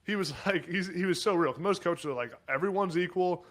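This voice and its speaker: A chatty man in his twenties tells stories as a podcast guest, with a voice pitched a little higher than most men's. He talks animatedly and piles on casual fillers. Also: expressive, brisk, a bit bright. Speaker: podcast guest, former college football player. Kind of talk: casual storytelling chat.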